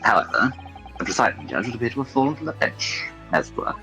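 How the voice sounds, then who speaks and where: A man's voice: medium pitch, big pitch swings, fast, over music, poor audio. A man voicing a polite, earnest young male defense lawyer in a fan-read game.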